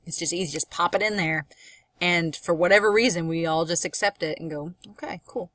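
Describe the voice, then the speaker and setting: A woman's voice: on the low side, fairly quick, fairly bright tone, no room sound. A woman, a college English instructor, giving a recorded course lecture in a chatty, explanatory way, with frequent fillers and asides.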